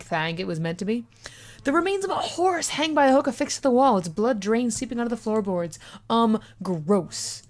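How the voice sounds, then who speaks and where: A woman's voice: medium pitch, a little mellow, a little hiss or hum. A woman playing through a horror game, reading its text aloud and reacting casually, often swearing or saying she is grossed out. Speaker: gaming video host.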